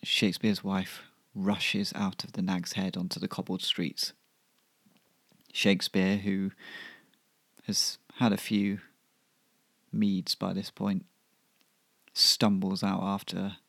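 Slow, gravelly male storyteller. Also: low voice, little pitch movement, fairly bright tone, no echo. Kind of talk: comic serial story narration.

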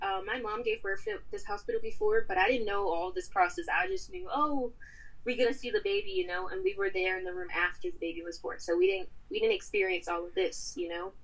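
A woman's voice: mid-range voice, fairly quick, slightly rough, low-quality recording. A woman guest on a podcast, telling a personal story in casual talk and acting out the people she quotes. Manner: animated, acts out quoted voices.

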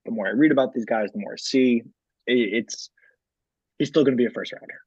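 A man's voice: mid-range voice, quick pace, a little mellow, breathy edge, no echo, highs cut off. A man co-hosting a podcast, chatting casually about sports and leaning on lots of filler words. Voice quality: frequent filler words and restarts. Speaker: podcast co-host.

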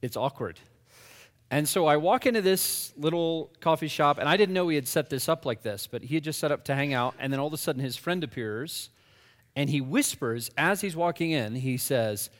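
A man's voice: a little high, animated, moderate pace, big-room sound. A man, a pastor, telling a story to an audience in a conversational, self-deprecating way.

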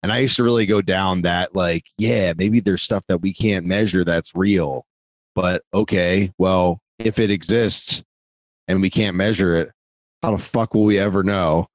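A man's voice: low-pitched, fairly even intonation, a little slow, dry recording. A man talking casually on a podcast, rambling, swearing freely and poking fun at himself. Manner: rambling, profane, self-deprecating. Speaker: podcast guest.

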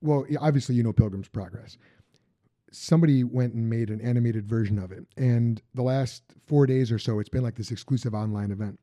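A man hosting a podcast, chatting casually and haltingly, often restarting sentences. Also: mid-range voice, warm tone, no echo. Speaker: podcast host. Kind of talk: casual interview chat. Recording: dull lo-fi sound.

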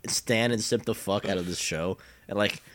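A young man with a very low voice chats loosely with a friend. He swears casually and often lets his sentences sink into quiet mumbles. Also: normal speed, slight background noise. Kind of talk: casual chat.

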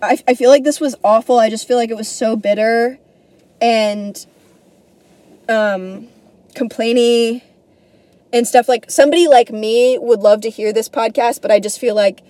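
A woman's voice: fairly high pitch, fairly even intonation, measured pace, mellow. A young woman hosting a solo podcast, rambling casually, swearing freely and stumbling over her words in a self-deprecating way. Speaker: podcast host.

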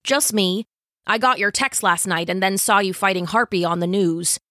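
A woman voicing a kind, gentle teenage boy friend in an audiobook, speaking with concern. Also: medium pitch, normal speed, no room sound, clean studio sound, lightly acted.

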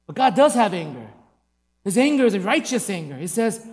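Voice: medium pitch, sing-song, fairly quick, darkish tone. A preacher delivering an emphatic sermon, asking the congregation rhetorical questions. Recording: long hall reverb.

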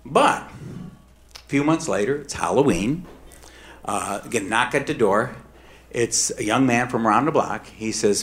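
A middle-aged man telling a personal true story on stage, emphatic and swinging between hushed and heated. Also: medium pitch, unhurried, long pauses.

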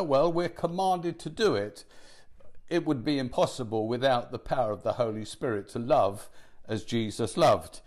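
Brief: male Bible teacher, slightly higher voice, earnest and measured delivery. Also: a little mellow. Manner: measured, earnest, pauses to restate. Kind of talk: teaching sermon.

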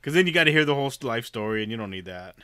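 A man's voice: mid-range voice, expressive, rapid-fire, sharp tone, smooth, no room sound, studio quality. A young man in casual chat, laid-back and profane, chiming in with jokes and questions.

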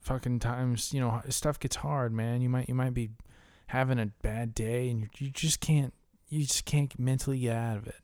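A man's voice: medium pitch, steady tone, moderate pace, hardly any pauses, darkish tone, no echo, clean studio sound. A man co-hosting a casual podcast, ranting with heavy profanity. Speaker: podcast co-host.

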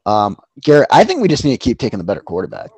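A man's voice: lowish voice, huge pitch swings, racing, a little mellow, slightly rough, no room sound. A man co-hosting a casual sports betting chat, rambling and profane with lots of fillers. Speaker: podcast co-host.

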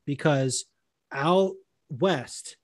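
A man's voice: fairly high pitch, very slow, no echo, studio quality. A man from Las Vegas co-hosting a podcast, chatting in a laid-back way and swearing casually. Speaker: podcast co-host.

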